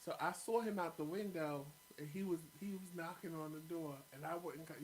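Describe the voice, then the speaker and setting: A man's voice: fairly high pitch, brisk, rough recording. Blunt, profane man telling a story. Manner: blunt, profane, animated retelling. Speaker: co-host. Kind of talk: casual storytelling.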